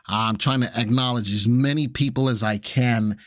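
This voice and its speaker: A man's voice: mid-range voice, steady tone, normal speed, no room sound, clean studio sound. A middle-aged man from Brooklyn, hosting a live market stream in a casual, chatty way, greeting viewers by name and tossing in jokes. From Brooklyn, New York. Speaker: livestream host and market instructor.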